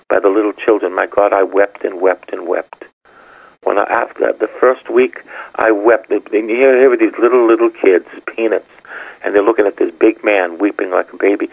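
An older male priest preaches with a gravelly, husky voice, repeating his points with building emphasis. The sound is thin and phone-like, as if from a radio broadcast. The recording is dry, with no room echo. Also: medium pitch. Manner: emphatic, repetitive preaching, rising to exclaim. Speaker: parish priest. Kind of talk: sermon.

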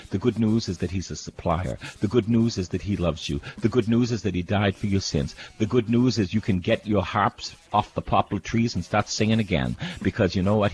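A man's voice: on the low side, slight background noise. A middle-aged man, a priest, preaching a sermon with dramatic scripture readings and call-and-response. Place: airport.

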